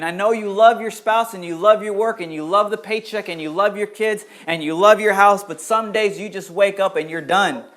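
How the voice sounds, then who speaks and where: A man preaching a sermon as pastor, moving between loud urgent questions and quiet low passages, and calling on people in the congregation by name. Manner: addresses congregation members by name.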